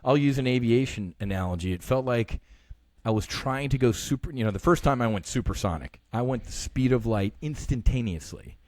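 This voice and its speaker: A man in his fifties, a podcast guest telling a personal story in an earnest, halting way, often restarting his sentences. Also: medium pitch, expressive, darkish tone, no room sound, studio quality. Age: 50s.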